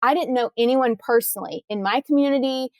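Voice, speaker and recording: Animated woman with a high voice. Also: brisk, no room sound. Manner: enthusiastic, animated storytelling with many restarts. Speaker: guest, corrective exercise trainer. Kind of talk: casual podcast interview.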